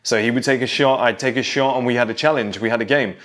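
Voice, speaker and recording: A man's voice: mid-range voice, fast, a bit bright. A man in his thirties talking straight to young men, telling nostalgic stories from his childhood in a casual monologue. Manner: storytelling, nostalgic, direct address to young men. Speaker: self-improvement creator.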